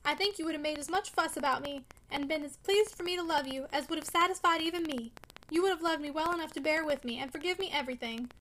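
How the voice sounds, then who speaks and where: A woman's voice: high voice, quick pace, fairly bright tone, slight background noise. A woman reading as a tremulous, tender young woman. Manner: musing, tremulous.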